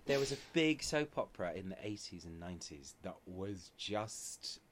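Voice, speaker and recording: A man's voice: low voice, lively intonation, moderate pace, slight background noise. A man hosting a podcast interview in a theatre dressing room, playful and rambling, laughing often. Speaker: podcast host. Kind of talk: casual interview chat.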